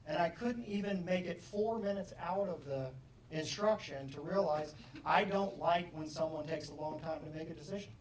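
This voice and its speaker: A man giving a motivational seminar talk, acting out both sides of a story and rising to mock shouting. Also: fairly high pitch, moderate pace. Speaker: motivational speaker. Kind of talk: live seminar talk with acted-out anecdotes. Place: seminar room with an audience. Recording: echoey room, distant mic.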